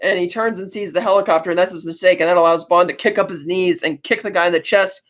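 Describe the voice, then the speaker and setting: A woman's voice: on the low side, steady tone, fast talker, dull audio. A woman co-hosting a podcast, retelling a film plot in a rambling, chatty way. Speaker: podcast co-host. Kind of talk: casual chat recapping a film plot.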